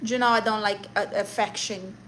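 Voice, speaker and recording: A woman's voice: medium pitch, steady tone, normal speed, fairly bright tone, a little hiss or hum. A woman live streaming comedy who rants and roasts her viewers in a brash, sassy, mock-insulting way, with Spanish exclamations thrown in.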